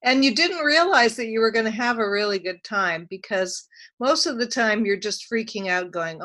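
A woman who teaches writing talks through her memoir as a guest. Her voice is bright and somewhat high, and she often stops and restarts her phrases as she thinks. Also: expressive, moderate pace. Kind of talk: casual interview chat.

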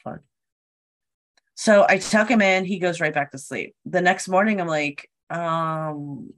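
A woman's voice: on the low side, slow pace, fairly bright tone. A woman telling a story in casual chat, acting out what people said and swearing freely.

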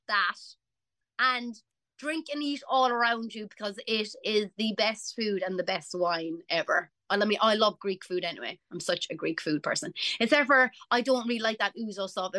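Bright-voiced chatty Irish woman. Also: medium pitch, no echo. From Ireland. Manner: chatty, animated storyteller. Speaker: singer, interview guest. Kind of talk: casual chat.

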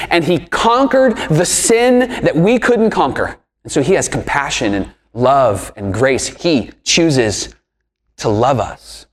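A man's voice: on the high side, in a large hall. A man preaching a sermon with emphatic delivery, asking rhetorical questions and swinging his voice up and down. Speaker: pastor.

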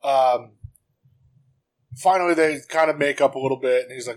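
A man's voice: mid-range voice, a little fast, pauses often, rough recording. A man co-hosting a podcast, chatting loosely and swearing as he retells scenes. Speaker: podcast co-host. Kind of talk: casual chat reviewing a sitcom episode.

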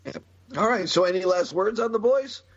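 A man's voice: sits high, normal speed, no room sound. Joking man on a muffled mic. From United States. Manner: jokey, animated, laughs often. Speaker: podcast co-host. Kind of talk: casual chat about comics.

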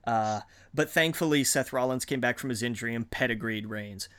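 Man, podcast co-host, casual chat, mid-pitched voice, excited rambling storytelling. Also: brisk, clear, resonant tone. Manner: excited storytelling with frequent laughs and restarts.

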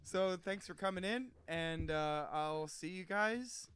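A young man banters on a comedy podcast, laughing a lot and poking fun at his friends. His voice sits a little high and comes across smooth and clean. The recording is dry and close, with no room sound. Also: slow, fairly bright tone, no echo. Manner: laughs often, joking and teasing. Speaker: podcast co-host. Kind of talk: casual comedic chat. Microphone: close studio mic.

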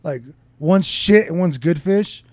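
A man's voice: high-pitched, slow pace, dry recording. A man hosting a casual podcast chat, joking and profane as he tells stories. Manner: joking, profane, animated storytelling.

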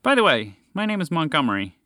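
A man's voice: a little high, big pitch swings, quick pace, pushed and bright, dry recording, studio quality, voice pushed up. A man voicing a timid, bewildered male moose who speaks hesitantly and apologetically in a storybook tale. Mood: confused.

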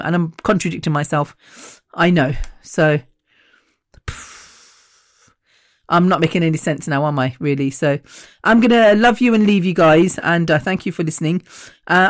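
Blunt podcast host in their 50s, frank and profane, mid-pitched, dry close recording. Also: no echo. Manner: blunt and profane, gropes for words. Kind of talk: personal podcast monologue.

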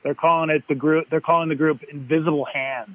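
A man co-hosting a casual podcast, rambling with lots of fillers and getting excited about good news. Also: a little high, fast. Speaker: podcast co-host. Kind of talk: casual chat. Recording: dry, tinny phone-like sound.

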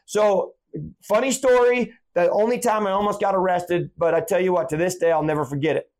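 High-voiced man telling a story. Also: brisk. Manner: animated, tells anecdotes acting out quotes. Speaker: podcast host. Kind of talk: casual storytelling monologue.

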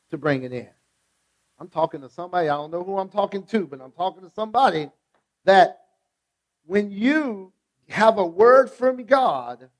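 High-voiced preacher. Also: male voice. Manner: emphatic, rhythmic preaching with repeated phrases and call-and-response prompts. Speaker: pastor. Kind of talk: sermon. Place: church sanctuary.

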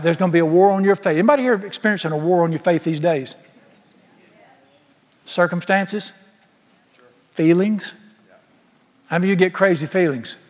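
A male pastor delivers a sermon in a folksy, emphatic way, peppering the congregation with rhetorical questions. His voice sits high for a man. The sound carries a long reverb from a large church auditorium.

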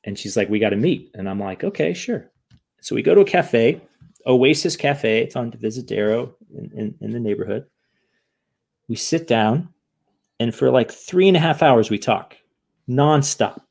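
A man's voice: medium pitch, moderate pace, vocal fry. A man casually telling a long story, acting out what others said, with many "right?" tags. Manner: animated, acts out quoted voices; fillers and tag questions.

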